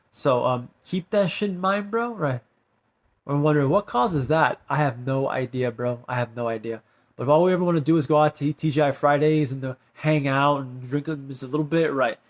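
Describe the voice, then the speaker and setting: A slightly high-voiced man delivers a rambling monologue to the camera. He keeps ending sentences with "bro" and "right" and lets his words fade into quiet, drawn-out asides.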